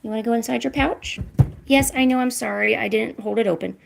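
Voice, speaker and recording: A woman hosting a livestream, chatting casually and coaxing her cats with high, sing-song pet talk at home. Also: fairly even intonation, fairly quick, gravelly. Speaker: livestream host. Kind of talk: casual chat to her cats during a stream. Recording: echoey room with faint hiss.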